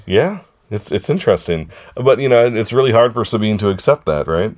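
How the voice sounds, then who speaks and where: A man with a hoarse, froggy voice from a sore throat, hosting a casual podcast chat with kids and often asking them if they remember. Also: fairly low pitch, sing-song, brisk, a little mellow. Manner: chatty, keeps asking the listeners if they remember. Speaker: podcast host.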